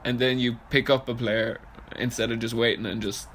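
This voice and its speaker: A man's voice: mid-range voice, flat delivery, normal speed, fairly bright tone. A man co-hosting a podcast in casual, teasing chat, laughing often. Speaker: podcast co-host. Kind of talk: casual chat about fantasy sports.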